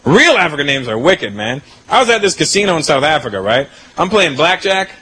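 At a comedy venue with a live audience, a young man does stand-up, telling stories in animated fashion and slipping into put-on character voices. His voice sits on the high side, fairly quick and slightly rough. The live recording carries loud audience laughter and noise.

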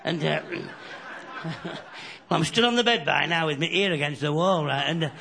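A man from the north of England doing a bawdy stand-up routine, telling stories and slipping into quick character voices. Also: a little high, vocal fry, pushed and bright, some chatter behind. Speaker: stand-up comedian. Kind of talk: stand-up routine with crowd laughter. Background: audience laughter.

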